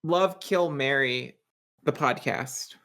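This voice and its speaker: A mid-pitched voice teasing and giggling through a casual podcast chat. The talk is loose and playful. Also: slow, a bit bright. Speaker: podcast co-host.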